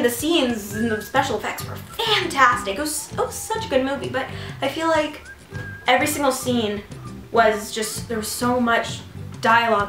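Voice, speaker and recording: Excited fan girl rambling about a movie, kinda high voice, far from the mic with music going. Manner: gushing, rambling, heavy use of "like". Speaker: film reviewer. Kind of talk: casual movie review. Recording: echoey room, distant mic, music behind.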